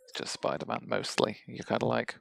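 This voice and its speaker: A man's voice: medium pitch, level tone, fairly quick, gravelly, a bit bright, no echo. A man in casual film chat, hesitant and repeating words.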